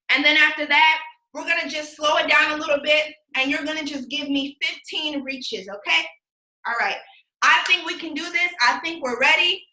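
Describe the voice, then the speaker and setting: A woman leads a streamed workout, her high, very bright voice counting reps and urging everyone on. She sounds out of breath from working out alongside them. The sound is roomy, picked up from away from the mic. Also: far from the mic. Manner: energetic, counts reps aloud, cheers the viewers on. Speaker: fitness instructor. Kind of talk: live-streamed workout coaching.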